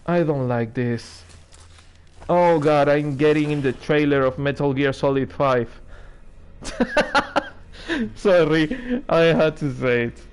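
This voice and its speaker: With a clear, resonant voice on the high side, a man streams a horror game, offering sarcastic, nervous let's play commentary. He swears and laughs when something scares him.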